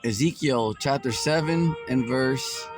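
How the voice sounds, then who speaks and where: A man's voice: medium pitch, a little slow. Mocking, profane preaching man. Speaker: street preacher. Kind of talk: ranting religious commentary. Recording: loud background music.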